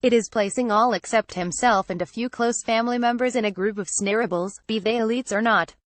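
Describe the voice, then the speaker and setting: A woman reading an opinion article aloud as scripted narration, at a measured, even pace. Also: on the high side, no echo.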